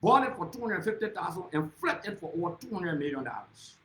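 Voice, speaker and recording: A man's voice: sits high, very animated, brisk, hardly any pauses, pushed and bright, echoey room, poor audio. A man with a Liberian accent giving an impassioned, accusatory political speech, repeatedly addressing his target by name. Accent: Liberian English. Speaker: political speaker.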